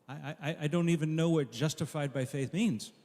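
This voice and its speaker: A man's voice: fairly high pitch, moderate pace, dark tone, natural voice. A pastor voicing a humble, bewildered man who stammers and admits he does not know the answers. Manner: hesitant stammer. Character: bewildered male thief, humble and unsure. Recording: long echo of a large hall.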